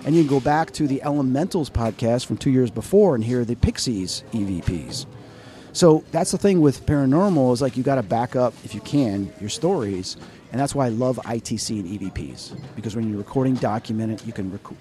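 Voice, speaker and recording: A man, a paranormal researcher, telling a story in an excitable, dramatic way as a guest at an expo. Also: lowish voice. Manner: excitable, dramatic, quotes people in voices. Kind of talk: animated storytelling interview. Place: outdoors at an expo.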